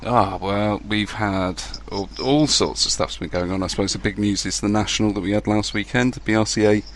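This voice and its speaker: A man's voice: lowish voice, fairly even intonation, brisk, slight background noise. A man hosting a casual podcast, chatty and loose, swearing now and then. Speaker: podcast host.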